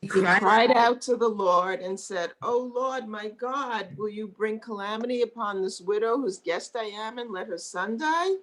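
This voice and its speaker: A participant in a study class reading Bible verses aloud on a video call, slowly and deliberately. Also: medium pitch, a bit bright.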